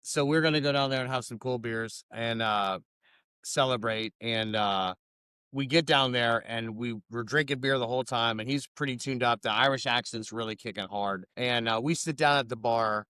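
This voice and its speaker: Laid-back, smooth-voiced man swapping stories. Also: moderate pace, pushed and bright, no echo, studio quality. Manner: laid-back, profane, drops low for asides. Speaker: podcast co-host. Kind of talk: casual storytelling.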